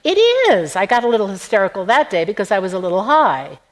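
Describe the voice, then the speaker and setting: A woman's voice: mid-range voice, sing-song, fast talker, lightly acted. A woman voicing a doting, chatty mother on the phone in an audiobook. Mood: fond.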